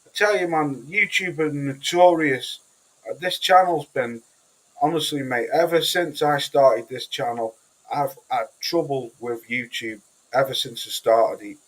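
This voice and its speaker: A man from Cheshire, England, speaks with a medium-pitched, slightly slow voice on a rough recording. He hosts a livestream and reads viewer comments in a blunt, sweary, rambling way, often restarting his sentences.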